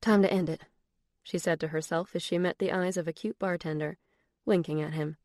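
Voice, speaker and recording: A woman narrates a romance audiobook in a steady, even read. Her voice is on the low side, and it is recorded dry and close with no room sound. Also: fairly quick, no room sound. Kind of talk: scripted narration.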